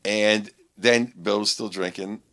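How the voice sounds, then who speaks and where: A man's voice: fairly low pitch, fairly even intonation, a little slow, a bit bright. A middle-aged man from Pittsburgh, a guest comedian telling a rambling anecdote on a podcast, full of restarts. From Pittsburgh, USA. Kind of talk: casual storytelling on a podcast.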